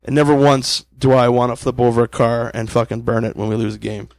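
A man's voice: mid-range voice, flat delivery, quick pace, gravelly, darkish tone, no echo, low-quality recording. A man from Canada co-hosting a casual podcast, opinionated and casual, swearing now and then. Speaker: podcast co-host.

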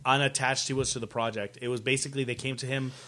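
A man's voice: mid-range voice, level tone, fast talker, bright, forceful tone, slight background noise. Dry storytelling man co-host. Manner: storytelling, dry, quotes people. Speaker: podcast co-host. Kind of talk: casual chat.

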